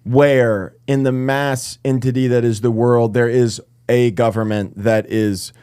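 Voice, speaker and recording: A man's voice: medium pitch, fairly even intonation, a little slow, mellow, clear, resonant tone. Chill guy in the middle register, kinda rambly, podcast hangout. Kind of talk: casual podcast chat.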